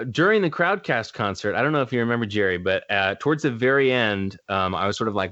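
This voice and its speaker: A man's voice: on the low side, sharp tone, dry recording. A man being interviewed as a musician guest, chatting casually and rambling with lots of fillers. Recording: dull lo-fi sound.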